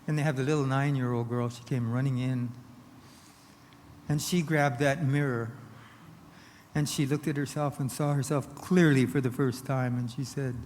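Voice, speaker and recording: A man's voice: medium pitch, steady tone, moderate pace. Earnest man telling a story. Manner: earnest, shifts from hushed to emphatic. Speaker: recovery meeting speaker. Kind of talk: personal storytelling talk. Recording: long hall reverb, faint noise.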